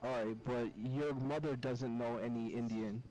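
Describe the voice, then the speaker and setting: A man's voice: medium pitch, fairly even intonation, normal speed, warm tone, low-quality recording. A man in casual game voice chat, talking in a defensive, profane way.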